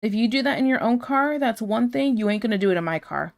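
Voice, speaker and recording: A woman's voice: a little high, lively intonation, fast talker, vocal fry. A woman streaming casually, chatting and laughing as she reads out her chat.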